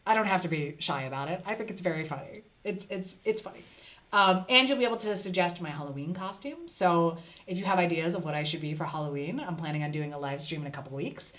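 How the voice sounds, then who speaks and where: A woman chatting her way through a live stream, reading comments aloud as they come in. Her talk is loose and playful, full of quick asides and friendly back-and-forth with viewers. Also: fairly low pitch, fairly bright tone. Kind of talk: casual live stream chat.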